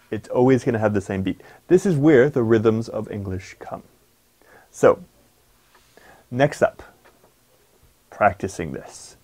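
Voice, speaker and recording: Male English teacher, slow deliberate delivery, emphatic instructive tone. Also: mid-range voice, mellow. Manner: slow deliberate dictation of example sentences. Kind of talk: IELTS pronunciation lesson.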